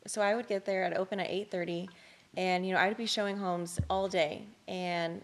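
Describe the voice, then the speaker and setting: A woman working as a real estate agent, joining a casual chat in a soft, hesitant way. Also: lowish voice, fairly even intonation, moderate pace.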